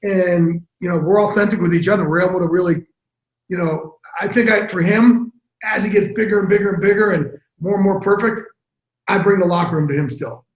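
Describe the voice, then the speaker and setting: Animated storytelling man, echoey room. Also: sits high. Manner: animated, profane, fast-talking storyteller. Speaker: interview guest, sports broadcaster. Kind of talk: casual storytelling chat.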